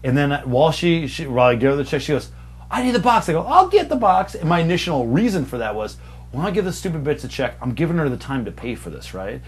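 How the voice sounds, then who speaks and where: Husky-voiced man telling a server story. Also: mid-range voice, fast. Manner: animated, profane, acts out customers in raised voices. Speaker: podcast co-host, server. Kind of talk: casual storytelling chat.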